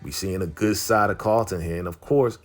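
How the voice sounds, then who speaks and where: Brief: easygoing man with a deep voice, slangy TV recap host, faint music under him. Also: moderate pace. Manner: slangy, laid-back, heavy on filler phrases. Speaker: TV recap vlogger. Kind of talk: casual episode recap.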